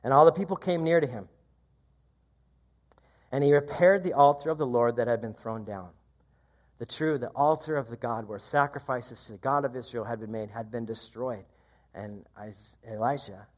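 A man preaching a sermon, reading scripture aloud and commenting in a conversational, lively way. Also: moderate pace, long pauses. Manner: lively, rises in pitch when quoting. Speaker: pastor.

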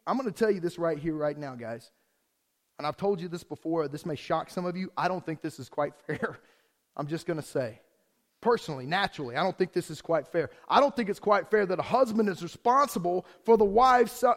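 A man with a high voice preaches a sermon to his church. He is animated and playful, joking with the people in the pews between readings. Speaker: pastor.

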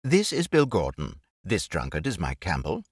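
A man voicing a poised, teasing woman who talks in a brisk, dry, mocking way. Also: deep voice, huge pitch swings, husky, no echo, exaggerated voice.

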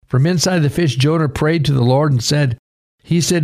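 A man's voice: a little high, big pitch swings, fairly quick, vocal fry, a little mellow. A man, a pastor and radio host, preaching earnestly and reading scripture aloud in a radio sermon.

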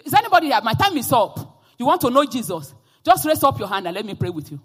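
A woman preaching a sermon and telling her own testimony, swinging from quiet storytelling to loud, impassioned exhortations. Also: fairly high pitch, sing-song, quick pace, breathy edge. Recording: long hall reverb.

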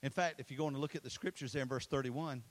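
A man preaching an energetic sermon, telling stories and chatting with the crowd, swinging from loud and animated to hushed and intimate. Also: medium pitch, fast talker, poor audio. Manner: storytelling, conversational asides to the crowd. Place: school facility used for a church launch.

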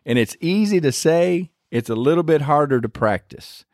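A man's voice: on the high side, lively intonation, moderate pace, a little mellow, no echo, clean studio sound. A man preaching a sermon in a conversational, earnest way, retelling scripture in his own words.

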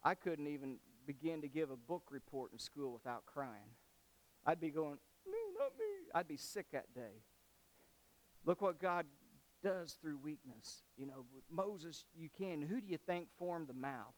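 A man's voice: fairly high pitch, a little slow. A man preaching a conversational, folksy sermon who acts out scripture as he goes.

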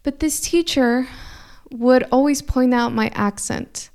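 Brief: young woman, slight Mexican Spanish accent, higher-pitched, smooth clear voice, earnest motivational storyteller. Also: slow, a little mellow. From California. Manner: earnest, thoughtful, frequent restarts. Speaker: speaker.

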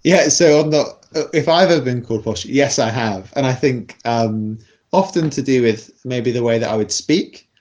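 A man with a posh British accent explaining a topic in a thoughtful, measured podcast conversation, often restarting his sentences. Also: mid-range voice, a little mellow. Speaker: podcast guest explaining class.

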